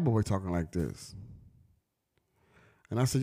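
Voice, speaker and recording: A man's voice: lowish voice, moderate pace, long pauses, dark tone. A middle-aged man vlogging in casual, slangy street talk, telling stories emphatically and preaching to his listeners. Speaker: vlogger and brand owner.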